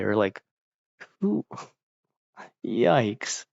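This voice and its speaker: A man's voice: fairly low pitch, very animated, slow, gravelly, no room sound. Guy rambling to his stream chat, says like constantly, laughs a lot, muffled dry mic. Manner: rambling, heavy on "like", laughs often. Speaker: streamer chatting with viewers. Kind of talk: casual chat.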